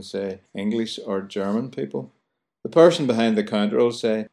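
Belfast man, lowish voice, hosting a chatty radio show with playful mimicry. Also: fairly even intonation, fairly quick, a little mellow. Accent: Belfast, Northern Ireland. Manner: playful, mimics local phrases. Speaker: radio host.

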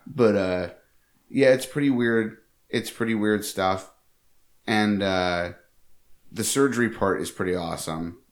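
A man's voice: lowish voice, a little slow. A man co-hosting a casual movie podcast, rambling and amused, laughing often. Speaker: podcast co-host.

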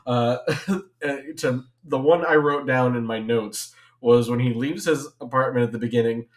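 A man in his thirties talks at an ordinary middle pitch on a casual podcast. He rambles and hesitates, with lots of fillers between his points. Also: normal speed. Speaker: podcast co-host.

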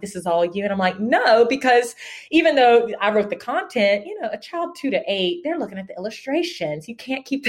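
Animated, lower-pitched woman author. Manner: animated, laughs often, repeats words when starting. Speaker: first-time children's author, guest. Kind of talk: casual interview talk.

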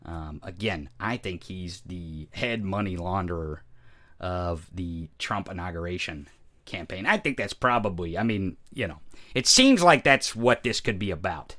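A man hosting a ranting political commentary show, profane and sarcastic, jumping from loud outbursts to low muttering. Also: lively intonation, a little slow.

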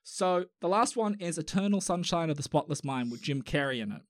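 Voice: mid-range voice, lively intonation, brisk, no room sound, studio quality. Rambling young Australian podcast host. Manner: rambling, swears, many restarts and fillers. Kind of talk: casual chat.

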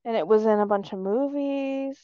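A woman co-hosting a podcast in casual chat, quick to shoot down slang she dislikes. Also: a little high, dry recording, lo-fi sound. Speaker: podcast co-host.

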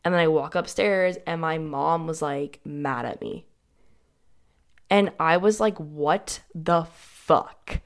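Low, gravelly-voiced young woman. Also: a little slow. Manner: casual, heavy use of "like", frequent restarts. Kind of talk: candid personal storytelling.

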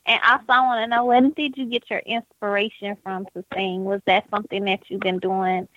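A woman's voice: mid-range voice, little pitch movement, fairly quick, dry recording, narrow, tinny audio. A woman co-hosting a radio talk show, teasing and playful. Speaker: radio co-host. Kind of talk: casual radio chat.

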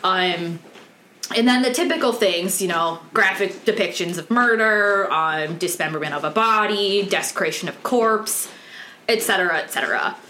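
A woman's voice: medium pitch, moderate pace, pushed and bright, a little hiss or hum. A woman hosting a true crime podcast, telling the case in a candid, casual way with many ums. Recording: roomy echoey room.

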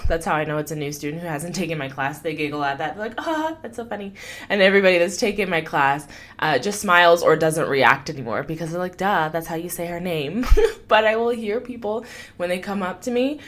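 A woman hosting her own life-coaching podcast, talking in an upbeat, chatty, encouraging way. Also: lowish voice. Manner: upbeat, chatty, warm enthusiasm with frequent laughs. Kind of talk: motivational podcast monologue.

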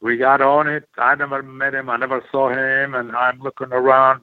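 Older guy from iraq spinning a lively story, tinny phone-ish sound, dry. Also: mid-range voice, moderate pace, hardly any pauses, no room sound. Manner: animated storyteller, acts out quoted voices, broken English. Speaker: guest, former wrestler. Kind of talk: storytelling in an interview.

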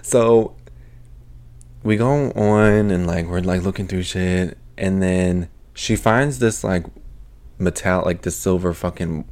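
A young man hosting a podcast, telling a story as a casual, animated rant full of profanity. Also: low-pitched, slow. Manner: profane, animated, swears constantly. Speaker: podcast host.

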